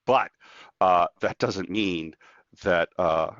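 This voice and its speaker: A man with a fairly low voice chats as a guest and tells stories with animation, acting out the voices of the people in them. The sound is dry and a little dull and lo-fi. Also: slow, dry recording. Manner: animated storyteller acting out quotes. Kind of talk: casual conversation.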